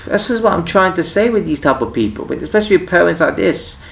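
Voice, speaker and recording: Rambling man with a gravelly voice. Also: high voice, lively intonation, quick pace, fairly bright tone, recorded from a distance, a little hiss or hum. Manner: rambling, with many restarts and quoted voices. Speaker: vlogger. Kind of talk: casual opinion rant to camera. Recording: echoey room, voice a bit off-mic.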